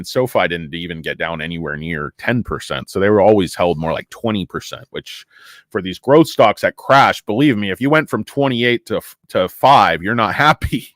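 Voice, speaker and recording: A man hosting a casual stock livestream, rambling between market talk and viewer shout-outs. His pitch swings widely as he jokes and swears. The sound is dry and close. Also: no room sound. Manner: rambling, profane, joking.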